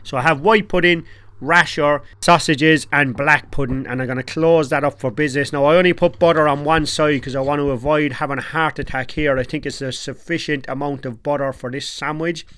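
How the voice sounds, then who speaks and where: A man's voice: fairly high pitch, steady tone, fairly quick, fairly bright tone. Chatty Irish man cooking on camera. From Ireland. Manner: chatty and jokey, with casual slang. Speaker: home cook and vlogger. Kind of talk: casual cooking vlog chat.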